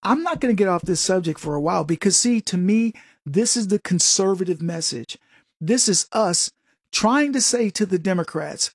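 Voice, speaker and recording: Husky, animated political commentary host. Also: mid-range voice, moderate pace, dry recording, clean studio sound. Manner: animated, sarcastic, talks to the audience. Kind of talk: conservative commentary monologue.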